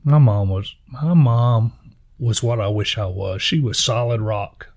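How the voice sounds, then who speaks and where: A middle-aged pastor, telling personal stories in a jovial, folksy way. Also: male voice, medium pitch, measured pace, darkish tone. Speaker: pastor and podcast guest. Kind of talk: personal storytelling in conversation.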